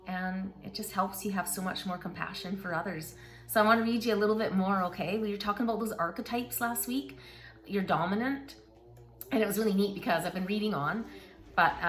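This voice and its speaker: A middle-aged woman hosting a casual book talk, chatting and reading passages aloud in an encouraging way with asides to her listeners. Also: on the low side.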